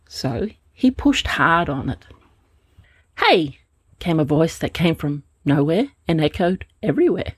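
A woman narrating a children's story, gentle and expressive. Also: lowish voice, husky, no room sound. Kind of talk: storybook reading.

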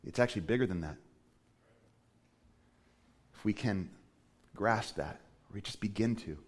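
A male pastor preaching a sermon with animated storytelling, often slipping into quoted voices. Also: fairly low pitch, unhurried.

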